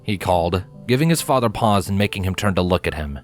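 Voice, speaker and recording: Lively low-voiced male story reader. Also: quick pace. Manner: expressive storytelling. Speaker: fanfiction reader. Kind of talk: audiobook narration. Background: faint guitar music.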